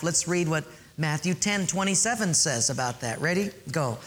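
A man's voice: fairly high pitch, moderate pace, hardly any pauses, fairly bright tone, a little hiss or hum. A man preaching a sermon earnestly, asking listeners to underline and write things in their notes. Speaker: pastor.

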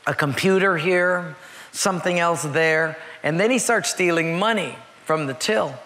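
A man's voice: on the high side, unhurried, pushed and bright, big-room sound. A male pastor preaching a sermon in a church, telling a story in an earnest, emphatic way and repeating key words.

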